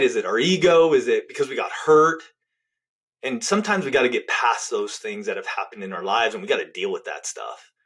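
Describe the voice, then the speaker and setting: Middle-aged guy on a podcast telling a story from the heart, earnest, gets real quiet on the soft parts. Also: lowish voice, husky. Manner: earnest, heartfelt, drops to a hush at tender moments. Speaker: podcast guest, relationship author. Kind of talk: personal storytelling in a podcast interview.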